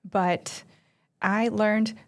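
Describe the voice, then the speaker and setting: A woman from Arkansas, a pastry chef guest, telling her story in relaxed conversation. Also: mid-range voice, extremely slow. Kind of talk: casual interview chat.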